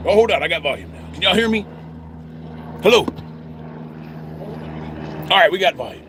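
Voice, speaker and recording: Guy rambling at his viewers outdoors, pitch jumping all over, always saying friends, faint noise behind. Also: very animated, moderate pace. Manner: repeats 'friends' constantly, stammering restarts. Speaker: vlogger. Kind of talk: rambling personal vlog. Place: outdoors at a cemetery.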